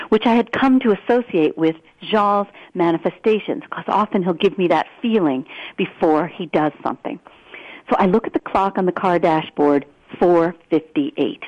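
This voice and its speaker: Earnest woman telling stories on muffled radio. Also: on the low side. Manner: animated, earnest storytelling. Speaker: guest author. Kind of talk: radio interview storytelling.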